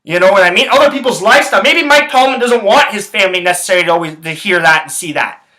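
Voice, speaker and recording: A man's voice: high-pitched, fast, bright, forceful tone, roomy sound, poor audio. A man hosting his own podcast, ranting about sports in a rambling, profane, heated way. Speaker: podcast host. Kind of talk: casual sports rant.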